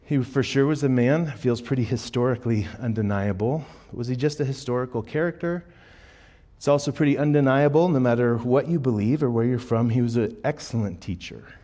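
Male pastor, mid-pitched, telling stories in an animated, jokey sermon to a church crowd. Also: a little fast. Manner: animated, jokey storytelling with acted-out quotes. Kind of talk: sermon with storytelling. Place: church auditorium.

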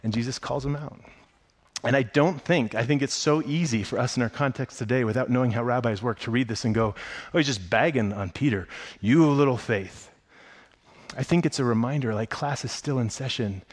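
A man preaching a sermon. He tells the story with excitement and acts out the characters' lines in a higher voice. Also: a little fast. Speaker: pastor.

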